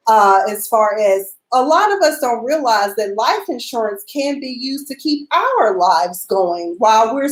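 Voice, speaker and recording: A woman hosting an internet radio show, chatting in a sassy, animated way and telling stories straight to her listeners. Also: a little high, echoey room, rough recording. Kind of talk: casual talk radio monologue.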